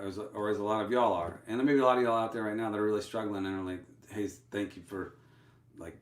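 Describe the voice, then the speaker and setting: A man's voice: fairly low pitch, reverberant. A man with a Texan accent, a musician hosting his own livestream, talking loosely with many fillers and restarts. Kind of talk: casual livestream chat.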